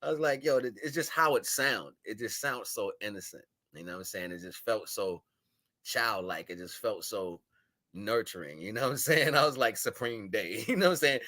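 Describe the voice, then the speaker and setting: A man on a livestream giving a spiritual monologue, shifting between solemn murmurs, loud scolding and slangy, laughing chat with viewers. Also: medium pitch, normal speed. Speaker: live stream host. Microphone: live stream microphone.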